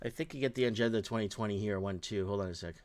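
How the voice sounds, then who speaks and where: Talking very fast in a lowish voice with a little hiss or hum, this middle-aged host of his own podcast rambles heatedly through casual live-stream commentary, peppering it with rhetorical questions. He's from Portugal and grew up in the Toronto area.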